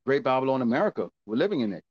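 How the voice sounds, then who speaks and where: A man's voice: medium pitch, very animated, racing, darkish tone, breathy edge, no room sound. Man preaching in rhetorical questions. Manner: rhetorical questions answered himself, repeats words, frequent "okay?". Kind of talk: teaching sermon with scripture reading. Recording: dull lo-fi dry recording.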